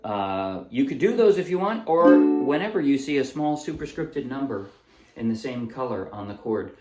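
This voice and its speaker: Man, ukulele teacher, relaxed explaining, roomy echo, set back from the mic, loud ukulele behind. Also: mid-range voice, normal speed, far from the mic, over loud music. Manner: relaxed, explains while playing, sings short snippets. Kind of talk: casual music tutorial. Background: ukulele playing.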